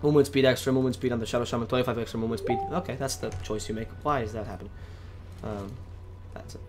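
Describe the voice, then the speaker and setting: A man casting an esports match alone, talking fast, correcting himself often and getting louder in fights. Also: medium pitch. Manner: fast, self-correcting, rising to excited shouts in fights. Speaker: esports caster. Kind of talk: solo game commentary.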